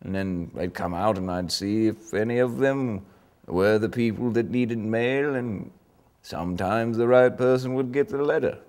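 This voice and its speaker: Actor playing a bluffing old British army sergeant, pompous and rambling; deep voice, slow delivery. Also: male voice, darkish tone, close to an everyday voice. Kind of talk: improvised mock interview.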